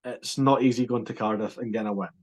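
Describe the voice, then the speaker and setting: A man co-hosting a podcast, chatting about sport in an animated, emphatic way with quick restarts. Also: lowish voice. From Scotland. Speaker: podcast co-host. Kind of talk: casual sports chat.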